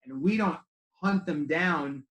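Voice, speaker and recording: Slow-paced and a little high, with a somewhat bright tone, a man trains chiropractors in a low-quality recording with a roomy sound. His talk is conversational storytelling, with quoted dialogue he performs.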